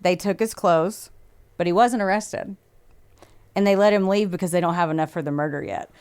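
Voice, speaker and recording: This podcast host has a fairly low, smooth, darkish voice and moves at a moderate pace. Her true-crime story comes out casual and chatty, full of swearing, acted-out dialogue, and frequent laughter.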